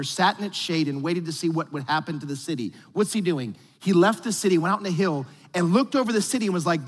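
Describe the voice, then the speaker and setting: A man preaching a sermon with casual, animated delivery and slangy asides. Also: high voice, husky, in a large hall. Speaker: pastor.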